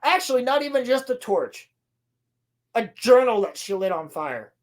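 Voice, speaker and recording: A woman's voice: on the high side, moderate pace. A woman co-hosting a podcast, recapping a show in a sarcastic, profane, exasperated way and acting out the characters' lines. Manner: animated storytelling with acted-out quotes. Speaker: podcast co-host.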